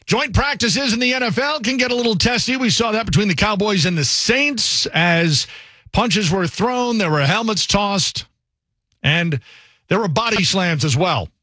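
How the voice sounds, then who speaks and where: A man anchoring a sports news highlights show, reading scripted recaps with a crisp, punchy delivery. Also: normal speed, bright, forceful tone, no echo, clean studio sound.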